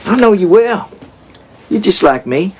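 A man's voice: high voice, big pitch swings, a little slow, noisy background. A scruffy, rambling deadbeat dad in his fifties. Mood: pleading. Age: 50s. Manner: rambling drawl with hesitant uh fillers, gruff bravado. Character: scruffy stoner deadbeat dad, brash and wheedling. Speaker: estranged father.

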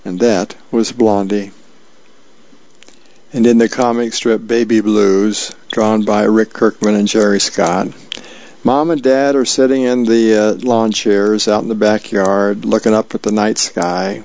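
Volunteer reader, unhurried gravelly delivery, plain and homespun; muffled radio. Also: male voice, fairly low pitch, little pitch movement, a little mellow, dry recording. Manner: slow, plain, with small slips. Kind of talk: reading the newspaper aloud. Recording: dull lo-fi radio recording.

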